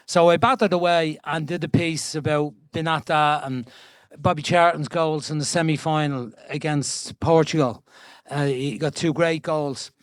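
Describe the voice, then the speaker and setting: An older Irish man from Dublin, in his seventies, spins stories with lively, restless energy and a voice set higher than most men's. The sound is close and dry, with almost no room around it. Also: moderate pace, no room sound. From Ireland. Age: 70s. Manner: chatty, animated storyteller with frequent restarts and laughs. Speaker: guest being interviewed. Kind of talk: storytelling conversation. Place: event stage before an audience.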